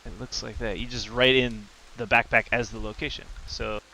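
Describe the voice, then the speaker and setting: A man's voice: medium pitch, little pitch movement, moderate pace, gravelly, pushed and bright, a little hiss or hum, poor audio. A man playing in a tabletop game, chatting casually and explaining things step by step. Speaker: player.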